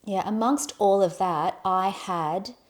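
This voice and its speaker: Young woman co-host, lively storyteller who swears and acts out quotes. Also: mid-range voice, slow pace. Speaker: podcast co-host. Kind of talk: casual storytelling chat.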